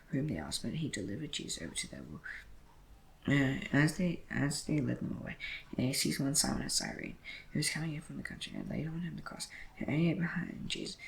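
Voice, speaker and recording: A man reading scripture aloud in a brisk way, often slipping and correcting himself as he goes. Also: mid-range voice, creaky, a little hiss or hum, rough recording. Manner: brisk reading with frequent slips and self-corrections. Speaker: Bible reader.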